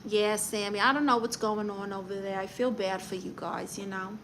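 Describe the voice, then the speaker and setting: Brassy Brooklyn woman with a bright voice. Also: mid-range voice, fairly even intonation, moderate pace, a little hiss or hum. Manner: brassy, blunt and sassy, calls people honey. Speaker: livestream host giving comic advice. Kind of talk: comic livestream chat reading viewer comments.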